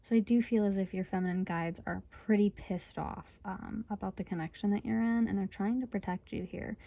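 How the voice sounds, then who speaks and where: A Michigan woman in her twenties chats casually through a tarot reading, giggly and often bursting into laughter despite being sleepy and yawning. Her mid-range, gravelly voice holds a steady tone at a slightly fast pace, on a muffled recording.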